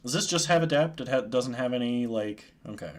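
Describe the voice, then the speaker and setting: A man's voice: medium pitch, a little fast. A man streaming a card game, giving casual, joking commentary and chuckling often.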